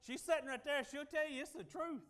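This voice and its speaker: A middle-aged man preaching a sermon, telling folksy stories and swinging from loud declarations to quiet asides. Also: very high-pitched, brisk.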